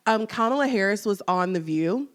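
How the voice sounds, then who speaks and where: A young woman hosting a podcast, chatting casually and telling animated stories. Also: mid-range voice, normal speed. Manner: animated, laughing, tells stories with quoted voices. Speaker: podcast host. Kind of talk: casual chat.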